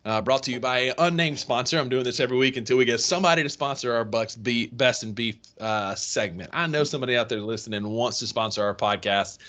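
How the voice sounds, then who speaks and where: A man's voice: medium pitch, fast talker, few pauses, fairly bright tone. A young man with a Northeast Mississippi country accent, co-hosting a casual sports podcast and teasing his friend with easy laughter. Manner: laughs often, teasing banter. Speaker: podcast co-host.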